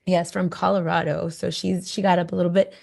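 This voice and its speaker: Chatty woman co-host, slightly low voice. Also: little pitch movement, fairly quick, creaky, darkish tone. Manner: chatty storyteller with fillers and laughs. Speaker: podcast co-host. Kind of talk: casual chat. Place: recording studio.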